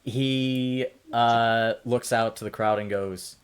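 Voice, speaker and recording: A man narrating as game master of a tabletop game, measured and building emphasis when scenes turn dramatic. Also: medium pitch, steady tone, clear, resonant tone. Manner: slow, deliberate narration with rising emphasis on speeches.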